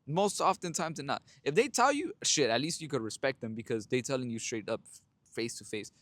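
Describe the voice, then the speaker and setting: A young man talks straight to listeners in a blunt, profane, casual way. His voice sits at an ordinary middle pitch. The sound is close and dry, with no room around it. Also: animated, a little fast, fairly bright tone, no room sound. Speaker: podcast host. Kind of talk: casual monologue.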